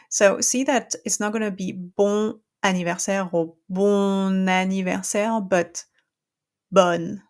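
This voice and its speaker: A woman with a French accent, a French teacher giving a patient pronunciation lesson who checks in often with "okay?". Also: medium pitch.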